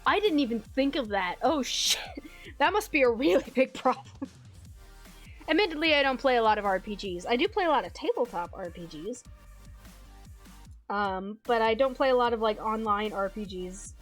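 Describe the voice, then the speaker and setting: A young woman streamer chatting casually with her viewers, rambling, swearing freely and filling pauses with likes and ums. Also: fairly high pitch, expressive, soft background music. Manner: rambling, swears casually, frequent fillers and laughs.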